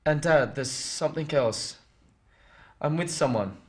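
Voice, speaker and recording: A man's voice: on the high side, lively intonation, measured pace. A young actor playing an apologetic son who hesitantly confesses to his father on the phone in a radio drama. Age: young adult.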